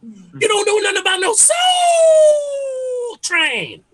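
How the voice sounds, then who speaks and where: A man voicing his nostalgic older father, who scolds young people in a loud, high shout. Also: huge pitch swings, slow, very noisy, full character voice. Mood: scolding.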